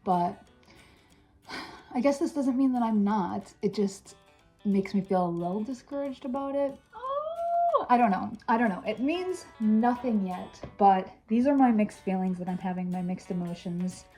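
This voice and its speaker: A woman's voice: medium pitch, moderate pace, mellow, soft background music, rough recording. A young woman chatting casually in a vlog, candid and full of fillers like "um" and "like". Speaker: vlogger.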